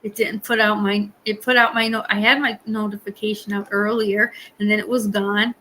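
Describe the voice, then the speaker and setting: A woman's voice: medium pitch, flat delivery, normal speed, bright, forceful tone, a little hiss or hum, rough recording. A woman hosting a live stream, chatting casually with viewers in a rambling way and laughing often. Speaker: livestream host.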